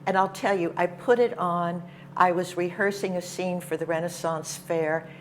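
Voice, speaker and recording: An older woman guesting on a community TV show, chatting in a lively, enthusiastic way. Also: fairly low pitch, moderate pace, a little hiss or hum. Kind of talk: casual chat. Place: television studio.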